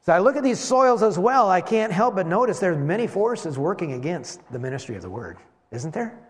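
Animated preaching man in a reverberant hall. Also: high voice. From West Michigan. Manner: animated preaching, slows for emphasis. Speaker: pastor. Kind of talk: sermon.

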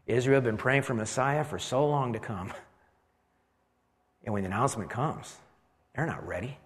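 A preacher telling a dramatic first-person sermon as an elderly priest who talks with exclamations and wry asides about himself. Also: male voice, medium pitch, husky, in a large hall. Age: older. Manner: animated, exclaiming, self-deprecating asides. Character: elderly male priest, amazed and rueful.

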